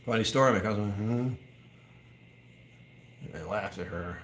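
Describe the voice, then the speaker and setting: Speaking slowly and pausing often in a fairly low pitch, this American whiskey channel host runs a livestream indoors at a whiskey bar. His talk is relaxed and joking, and he reads comments from viewers.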